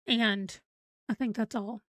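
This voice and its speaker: A woman's voice: a little high, steady tone, slow pace, fairly bright tone, no echo. A woman, chatting casually on a livestream, rambling and reading out viewer comments while a bit tired and yawning. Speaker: livestream host.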